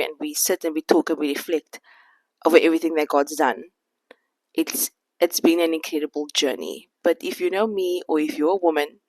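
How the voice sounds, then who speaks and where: A woman's voice: sits low, no room sound, poor audio. A woman in her thirties talking candidly to camera in a sit-down vlog, reflective and a little out of breath. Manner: candid, reflective, faith-centered. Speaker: vlogger.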